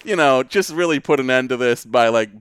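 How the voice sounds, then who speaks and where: A man co-hosting a podcast, telling a rambling, animated anecdote in casual chat full of filler words. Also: medium pitch, fairly quick, smooth, no room sound, studio quality. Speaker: podcast co-host.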